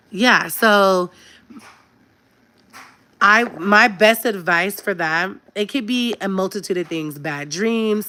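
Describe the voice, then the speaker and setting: Woman, thirties, chatty vlog advice, emphatic, fairly low voice. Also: sharp tone. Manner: chatty and emphatic, addresses viewers as y'all. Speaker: vlogger giving parenting advice. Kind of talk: casual direct-to-camera advice talk.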